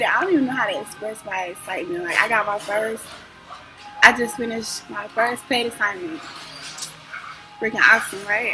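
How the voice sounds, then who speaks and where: A young woman vlogger in casual chat to camera, rambling and animated, full of slang and fillers. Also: mid-range voice, fairly quick, music in the background, poor audio.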